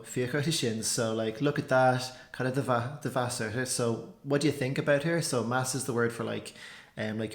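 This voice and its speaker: A man talks through a language lesson in a relaxed, rambling way, dropping "like" and "so" into nearly every sentence. His voice sits at an ordinary middle pitch. The room around him gives it a noticeable echo. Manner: chatty, loose, full of "like" and "so" fillers. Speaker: language teacher. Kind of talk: casual explanatory lesson.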